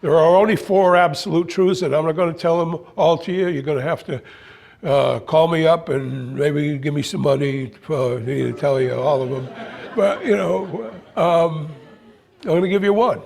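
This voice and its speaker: Playful high-voiced man giving a talk. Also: gravelly, a little mellow. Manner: anecdotal, playful, with pauses and restarts. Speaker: speaker. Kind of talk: motivational spiritual talk.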